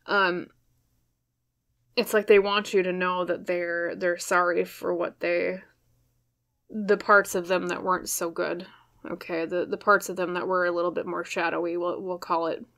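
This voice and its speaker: A woman's voice: on the low side, little pitch movement, moderate pace, fairly bright tone. A young woman giving a tarot reading to camera, choked up and hesitant, with many fillers and restarts. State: choked up, emotional. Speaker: tarot reader.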